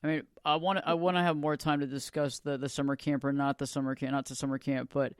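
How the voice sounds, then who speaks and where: Smooth-voiced male podcast host. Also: medium pitch, level tone, quick pace, dry recording, clean studio sound. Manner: warmly affirming, repeats himself. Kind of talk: casual interview chat.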